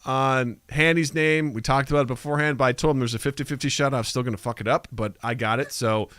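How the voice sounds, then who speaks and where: A man's voice: mid-range voice, steady tone, fast talker, a bit bright. A man hosting a casual podcast, goofy and self-mocking as he talks with guests. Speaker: podcast host.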